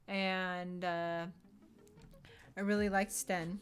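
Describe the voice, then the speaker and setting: A woman's voice: mid-range voice, takes it slowly, clear, resonant tone. Young woman streamer rambling about games, laughs a lot, swears, faint music behind. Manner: animated, laughs often, swears, acts out quotes. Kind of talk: casual chat.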